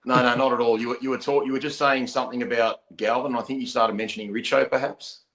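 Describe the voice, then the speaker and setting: A man's voice: medium pitch, steady tone, quick pace, fairly bright tone. An Australian man hosting a podcast, asking questions in an easygoing, conversational way. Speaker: podcast host. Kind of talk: casual podcast chat. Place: pub venue.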